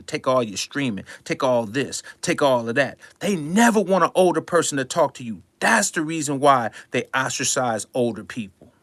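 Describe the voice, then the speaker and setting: A man's voice: on the high side, fairly bright tone, no echo. An older man, a music producer, giving a passionate, preachy talk to his audience in slangy speech, repeating his lines for emphasis. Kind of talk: passionate monologue.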